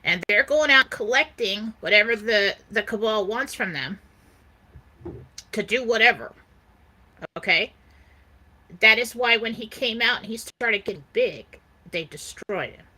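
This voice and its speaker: A woman's voice: on the high side, animated, a little slow, long pauses, bright, forceful tone. A woman co-hosting a talk show, speaking emphatically and insistently in casual chat. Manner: emphatic, insistent, repeats "okay?". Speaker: co-host.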